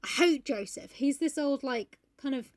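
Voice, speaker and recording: A woman's voice: sits high, animated, normal speed, dry recording, clean studio sound. A young woman co-hosting a casual book chat, chatty and full of fillers. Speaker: podcast co-host.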